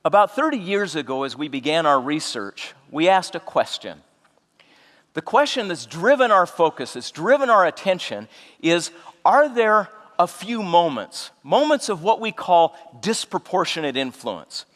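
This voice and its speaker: A middle-aged man speaks from a stage in a large auditorium. His voice sits a little high, and the long reverb of the hall hangs behind each phrase. He tells his story in a measured, deliberate way and leans on his pauses. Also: very animated, fairly bright tone. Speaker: keynote speaker. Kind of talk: inspirational stage talk.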